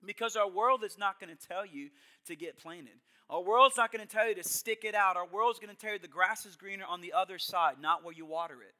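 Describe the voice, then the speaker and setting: A young adult man preaching a sermon, telling a personal story with hushed asides and loud emphatic bursts. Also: sits high, brisk. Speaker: pastor.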